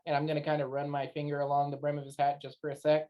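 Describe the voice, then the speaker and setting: A woman's voice: low voice, completely flat delivery, very fast, hardly any pauses, highs cut off. A woman player in a tabletop game, playfully describing her character's actions.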